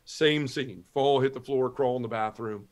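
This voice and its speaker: A man's voice: medium pitch, normal speed. A man guest on a talk show, telling his personal conversion story and acting out the dialogue as he goes. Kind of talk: personal testimony.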